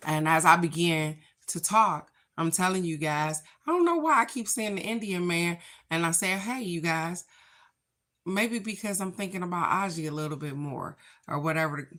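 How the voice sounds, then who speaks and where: A woman's voice: lowish voice, animated, moderate pace, fairly bright tone. A woman chatting to her viewers as she draws her daily spiritual cards. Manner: chatty, spiritual, talks to viewers as "y'all" and "baby". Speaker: card reader. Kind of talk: casual daily card reading vlog.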